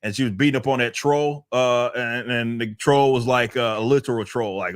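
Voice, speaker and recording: A man's voice: medium pitch, normal speed, clear, resonant tone, no room sound, clean studio sound. A man co-hosting a casual podcast, talking in loose, rambling runs and laughing often. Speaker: podcast co-host.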